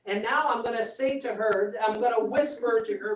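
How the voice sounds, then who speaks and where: A man's voice: very high-pitched, moderate pace, few pauses. A man giving a live health seminar, persuasive and chatty, often checking in with the audience. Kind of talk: live seminar talk with demonstration. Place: seminar room. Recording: roomy sound from a distant mic.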